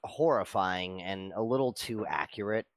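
A man's voice: on the low side, moderate pace, no room sound. A man on a podcast describing his favorite scenes in a thoughtful, detailed way. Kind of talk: casual podcast chat.

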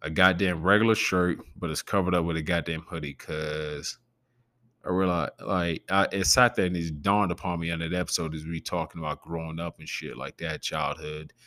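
A man with a gravelly growl in his voice, hosting a podcast in a loose, rambling and profane casual chat. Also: sits low, fairly even intonation, normal speed, bright, forceful tone, no echo. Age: adult with a preteen nephew. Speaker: podcast host.

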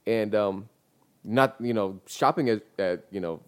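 A young man with a fairly low voice tells a story in a loose, relaxed way. He leans on slang and filler words as he goes. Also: measured pace, smooth. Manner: laid-back slang-heavy storytelling with many fillers. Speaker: guest business owner. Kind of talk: casual storytelling.

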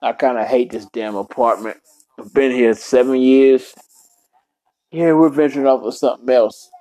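A man's voice: mid-range voice, steady tone, normal speed, dark tone, dry recording, low-quality recording. Profane rambling man in a dry room. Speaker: podcast host. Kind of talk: casual solo podcast rant. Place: apartment room.

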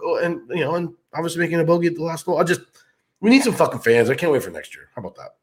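A man's voice: on the high side, sing-song, very fast. A man co-hosting a golf betting podcast in casual chat, rambling, joking and swearing freely. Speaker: podcast co-host.

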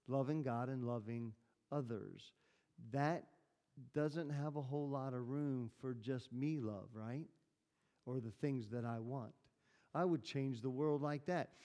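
A man of medium pitch speaks slowly and mellowly, preaching to a congregation in an echoey church hall. As pastor, he keeps it conversational, telling stories and asking the room questions.

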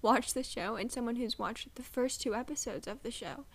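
Rambling teen girl with a gravelly edge. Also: on the high side, slight background noise. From United States. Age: late teens. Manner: rambling, with quick whispered asides. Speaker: podcast co-host. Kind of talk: casual chat.

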